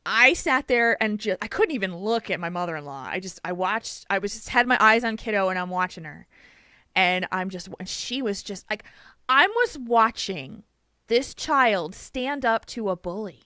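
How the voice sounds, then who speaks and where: A woman hosting a podcast, telling a story in an animated, emphatic way and laughing often. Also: mid-range voice, normal speed, no echo. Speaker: podcast host. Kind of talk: casual chat, storytelling.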